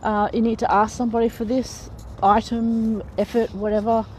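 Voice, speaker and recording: A woman's voice: on the high side, level tone, moderate pace, darkish tone, rough recording. Woman, casual vlog talk, frank and chatty, laughs mid-sentence, faint background noise. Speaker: vlogger giving advice. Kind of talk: casual advice talk to camera.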